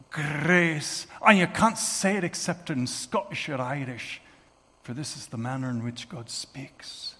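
A man's voice: a little high, fairly even intonation, measured pace. Man preaching dramatically in a reverberant hall. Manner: dramatic, swings from hushed to shouting. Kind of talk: sermon storytelling.

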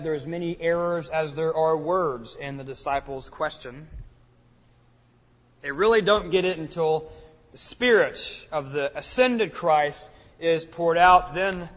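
Male pastor, higher register, earnest sermon delivery, muffled church-hall recording with long echo. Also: fairly bright tone. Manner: earnest preaching, swells and drops in volume. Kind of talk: expository sermon.

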